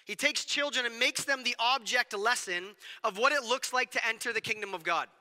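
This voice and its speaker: Bright high-voiced man preaching in a hall. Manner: conversational, animated preaching with quick asides. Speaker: pastor. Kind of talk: sermon. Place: church sanctuary.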